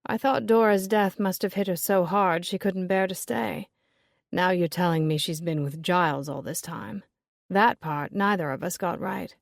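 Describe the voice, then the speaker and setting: A woman's voice: fairly low pitch, moderate pace, dry recording, clean studio sound. A woman voicing a blunt, chain-smoking shop owner. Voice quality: raspy smoker's voice. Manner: blunt, offhand.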